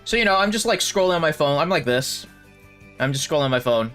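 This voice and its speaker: A man telling a storytime vlog, expressive and animated, swearing and laughing as he goes. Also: fairly high pitch, fast talker. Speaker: streamer and video creator. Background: faint background music.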